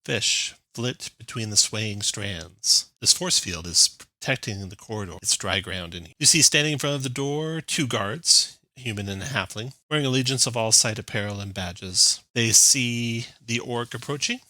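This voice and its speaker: A man's voice: medium pitch, moderate pace, few pauses, sharp tone, dry recording, rough recording. A man narrating a tabletop game as dungeon master, describing scenes with frequent fillers.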